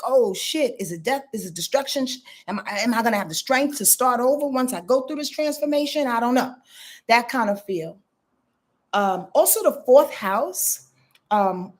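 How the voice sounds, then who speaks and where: A woman's voice: mid-range voice, darkish tone. A woman, hosting a casual astrology livestream in a loose, chatty way and talking straight to her viewers. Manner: loose, chatty, swears, addresses viewers as y'all. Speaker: astrologer hosting a live stream.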